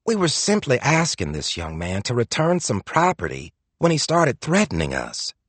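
A man's voice: mid-range voice, huge pitch swings, moderate pace, fairly bright tone, husky, no room sound, voice pushed up, full character voice. A man voicing a scheming older woman who gushes with false sweetness. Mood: falsely sweet.

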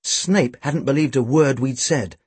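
Husky man reading a storybook aloud. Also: medium pitch, unhurried, dry recording. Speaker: audiobook reader. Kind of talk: storybook narration.

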